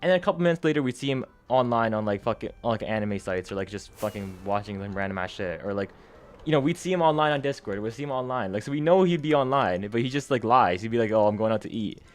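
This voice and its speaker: A man's voice: mid-range voice, quick pace. A young man telling a gaming story in a casual, rambling way, full of slang, swearing and fillers, his energy rising and falling. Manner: animated, jumps up and down in energy.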